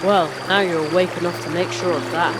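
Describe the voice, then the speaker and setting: A woman's voice: on the low side, fairly even intonation, a little fast, very noisy, natural voice. A woman voicing a cheeky young boy apprentice magician in a video game, with dry, wry quips.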